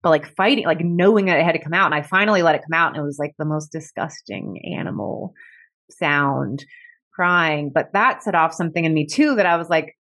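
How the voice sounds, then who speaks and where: Her voice sits low with a fairly bright tone, and she talks briskly. A podcast guest, she recounts a personal story candidly and reflectively, leaning heavily on "like," with emotion that sometimes nears tears.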